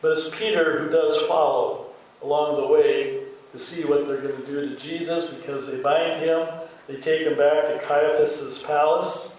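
A man's voice: on the high side, fairly even intonation, measured pace, a little mellow. An older man with a Midwestern American accent, preaching a sermon as a pastor in a conversational storytelling way, acting out the lines he quotes. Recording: very echoey hall, voice from far off.

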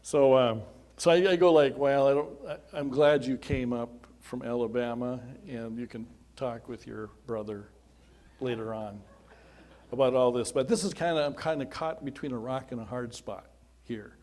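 A middle-aged pastor welcomes people to a simple memorial service, chatting in a folksy, storytelling way full of quoted dialogue and asides. He speaks at a moderate pace in a mid-range voice with a somewhat dark tone.

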